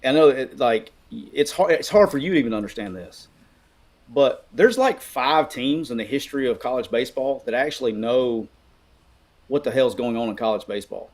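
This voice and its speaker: A man's voice: mid-range voice, moderate pace. A middle-aged man from Alabama co-hosting a casual sports chat, telling rambling stories full of restarts. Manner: rambling, animated storytelling with restarts. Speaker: co-host.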